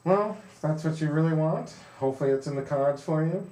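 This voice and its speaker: A man's voice: a little high, fast talker, few pauses, mellow. A man hosting a comedy sports talk show, asking questions in a dry, teasing way. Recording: roomy sound from a distance.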